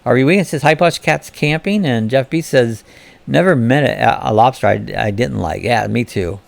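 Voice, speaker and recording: This relaxed live-stream is hosted by a man from Florida whose voice is gravelly and creaky at a middle pitch. At a moderate pace and in a chatty, easygoing manner, he reads out comments from viewers and answers them one after another.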